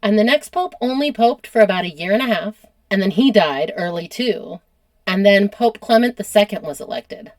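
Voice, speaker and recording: A woman's voice: medium pitch, animated, moderate pace, no room sound. Chatty American woman podcast host. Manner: chatty storyteller, laughs often. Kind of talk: casual history podcast chat.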